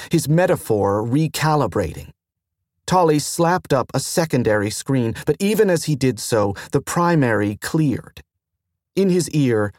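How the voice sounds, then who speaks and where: Slow, measured male audiobook narrator. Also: medium pitch, no room sound, studio quality. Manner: measured, even reading. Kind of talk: scripted narration.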